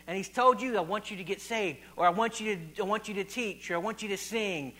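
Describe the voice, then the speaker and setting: A man's voice: high voice, fairly quick, sharp tone. A man from Virginia, preaching an informal sermon and quizzing the congregation with repeated questions. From West Virginia. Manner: chatty, quizzes the audience, repeats phrases.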